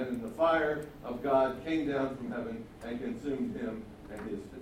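A man teaching the Bible in a conversational sermon, tossing out casual questions and chuckling asides to his listeners. His voice sits fairly high. He is heard from a distance in a very echoey hall, with faint noise behind. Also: normal speed, hardly any pauses.

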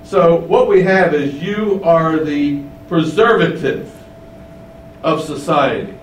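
A man preaching a sermon, teaching slowly and emphatically, stressing key words with rising pitch. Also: roomy sound, distant mic, slight background noise, rough recording.

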